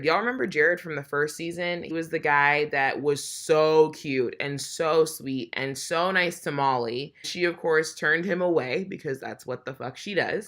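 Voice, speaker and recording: Bright-voiced young woman recapping a show. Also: deep voice. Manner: chatty and candid, frequent swearing and "like", acts out quotes. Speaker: TV recap vlogger. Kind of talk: casual episode recap.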